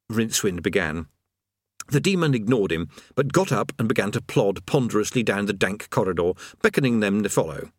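A man reads a comic novel aloud in a wry, expressive way. His pitch moves widely through each sentence. The close studio recording is dry, with no room sound. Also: normal speed, slightly rough, no echo. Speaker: audiobook narrator. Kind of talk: scripted narration.

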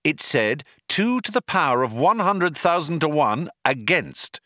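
Man voicing a knowing, emphatic man, lively pitch, bright tone. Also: unhurried, no echo, studio quality, full character voice. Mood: explaining.

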